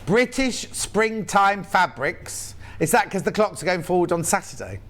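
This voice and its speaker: A man's voice: high-pitched, animated, moderate pace, a bit bright. A man with a Yorkshire accent presenting live on a shopping channel, chatty and playful with jokey asides.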